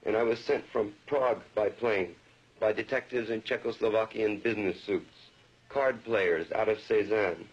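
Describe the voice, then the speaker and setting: A man's voice: lowish voice, steady tone, normal speed, husky. Man chanting a poem, dull old recording. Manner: incantatory, rhythmic chanting of repeated lines. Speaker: poet. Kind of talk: poetry reading.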